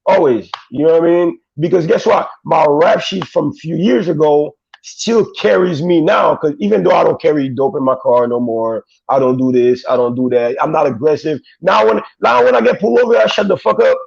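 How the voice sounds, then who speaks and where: A man's voice: on the high side, fairly quick, creaky, few pauses, darkish tone, husky. A male guest in casual chat, telling stories in blunt, profane street talk. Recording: dull, dry lo-fi sound.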